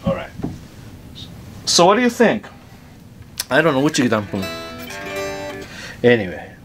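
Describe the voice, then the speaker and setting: Chatty, halting male guitar teacher. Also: medium pitch, wildly swooping pitch. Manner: chatty, halting, repeats words while demonstrating on guitar. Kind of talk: casual guitar lesson.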